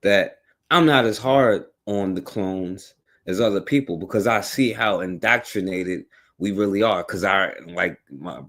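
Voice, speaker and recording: A man's voice: sits low, unhurried, fairly bright tone. A man hosting a talk radio show, giving casual political commentary in a conversational, rhetorical way, often checking in with the listener. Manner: conversational, rhetorical, many "right?" and "you know what I'm saying".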